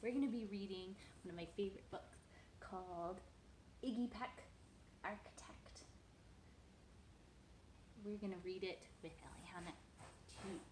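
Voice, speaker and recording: A woman's voice: mid-range voice, measured pace, pauses often, echoey room, noisy background. A woman reading a children's picture book aloud at home, sing-song and playful, talking to a toddler between pages.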